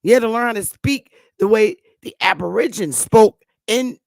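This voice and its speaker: A woman's voice: on the high side, normal speed, creaky, a little mellow, dry recording. A woman with a New York accent giving an emphatic, repetitive casual monologue with frequent swearing. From northern United States. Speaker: commentary host.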